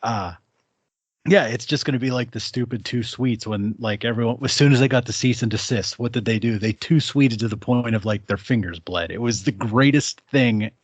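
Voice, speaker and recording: A man's voice: medium pitch, normal speed, husky, no room sound. Enthusiastic man rambling about wrestling. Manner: enthusiastic, rambling with many fillers and restarts. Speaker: podcast co-host. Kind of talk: casual wrestling chat.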